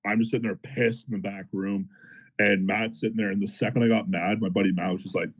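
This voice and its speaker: A man telling a story in a casual podcast chat, animated and profane, as a powerlifter guest. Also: fairly low pitch, fast, lo-fi sound. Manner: animated, profane, fired-up retelling.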